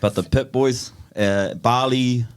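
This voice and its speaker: A man's voice: medium pitch, steady tone, slow, clear, resonant tone. A man telling rambling, laughing anecdotes in casual podcast chat, calling everyone "bro". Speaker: podcast guest.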